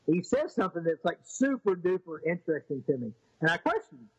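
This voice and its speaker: A man's voice: fairly high pitch, very animated, fairly quick, slightly rough, dry recording, muffled recording. A man telling a personal story in a rambling, casual way, with many restarts, acting out what others said.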